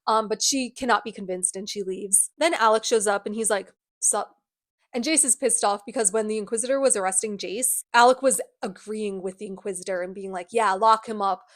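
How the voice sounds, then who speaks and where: Woman doing an unhinged book recap, snarky and sweary, mid pitch, dry sound. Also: a little fast, hardly any pauses, no room sound. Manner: sarcastic, profane, chatty asides. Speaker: book youtuber. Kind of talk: casual comedic book recap. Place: indoors at home.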